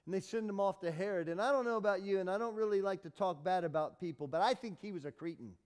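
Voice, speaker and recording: A man preaching a sermon as pastor, dramatic and swinging from loud to hushed. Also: high voice, fast talker, smooth, big-room sound. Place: church hall.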